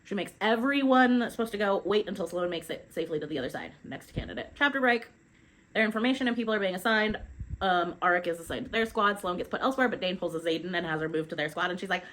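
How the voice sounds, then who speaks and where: A woman's voice: fairly low pitch, animated, a bit bright, low-quality recording. A young adult woman casually recapping a novel chapter by chapter, chatty with lots of fillers, reading quotes aloud. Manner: chatty, many fillers, quick summarizing. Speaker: book reviewer.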